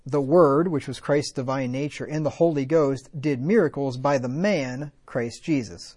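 A man's voice: mid-range voice, moderate pace, hardly any pauses, a little mellow. A man preaching a sermon, reading scripture aloud and asking rhetorical questions, building to fervent emphasis. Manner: conversational asides with rhetorical questions.

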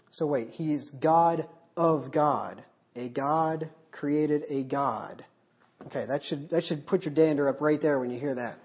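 A male Baptist preacher works through scripture verse by verse without notes. His voice is husky and a little rough at the edges. He reads each passage aloud, then picks it apart, pressing his points with rhetorical questions. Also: a little high, a little mellow. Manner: unscripted, poses rhetorical questions. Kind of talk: verse-by-verse sermon teaching.

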